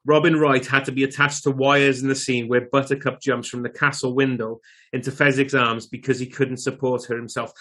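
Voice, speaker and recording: A man's voice: mid-range voice, little pitch movement, a little fast, bright, forceful tone. A man co-hosting a podcast, reading out trivia and commenting in a dry, wry way. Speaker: podcast co-host. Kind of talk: casual chat, reading trivia.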